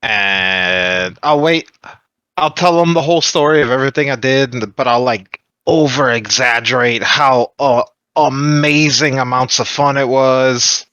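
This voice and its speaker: A man's voice: medium pitch, a little slow, a bit bright, clear, resonant tone, no room sound, highs cut off. Playful man at a game table. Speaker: player. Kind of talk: tabletop role-play.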